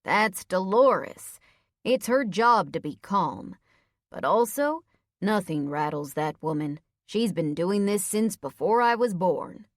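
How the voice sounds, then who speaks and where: A woman voicing a friendly male police officer and new father who talks slowly and gently, with a dry wry edge. He sounds in the middle of the range, close and dry. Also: mid-range voice, expressive, no room sound. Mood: earnest. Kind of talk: audiobook character voice.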